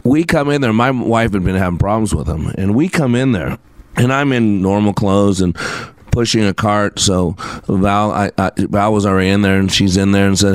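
A man's voice: on the low side, normal speed, no room sound. Rambling male host with a dry sound. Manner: rambling and anecdotal with frequent fillers and restarts. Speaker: show host and customer service teacher. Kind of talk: casual spoken monologue with scripture.

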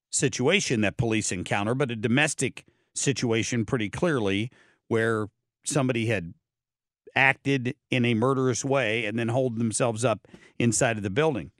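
A man's voice: medium pitch, no echo, studio quality. A man hosting a talk radio show, giving blunt, sardonic commentary that is full of fillers and restarts. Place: radio studio. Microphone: studio microphone.

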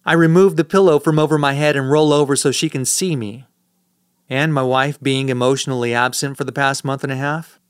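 A man's voice: mid-range voice, steady tone, fairly quick, smooth, dry recording. A man narrating a first-person audiobook in a dry, sardonic manner, recorded on a close studio mic.

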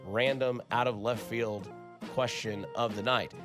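A man's voice: medium pitch, fairly even intonation, measured pace, music in the background. Rambling male sports radio host. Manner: rambling and conversational, self-correcting. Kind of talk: casual late-night sports radio chat. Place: radio studio.

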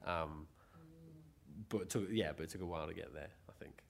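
A man's voice: low-pitched, normal speed, vocal fry. A man, a stage performer, chatting casually and rambling a little with frequent asides. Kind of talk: casual chat.

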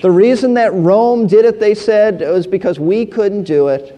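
A man's voice: high-pitched, unhurried, warm tone, in a large hall. A man teaching through a Bible passage verse by verse, explaining as he goes and often repeating words and restarting phrases.

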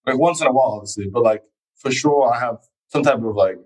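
A young man with a London accent chatting casually, relaxed and laughing easily, often acting out little quoted lines. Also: mid-range voice, fast talker, breathy edge, poor audio. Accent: London English. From England. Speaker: fencer, guest. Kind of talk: casual chat.

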